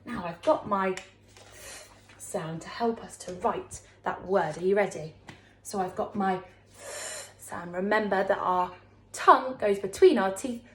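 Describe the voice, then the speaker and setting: A woman primary school teacher giving a recorded lesson to young children, talking slowly in an encouraging, sing-song way. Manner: slow, sing-song, encouraging teacher talk with big pitch swings. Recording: echoey room.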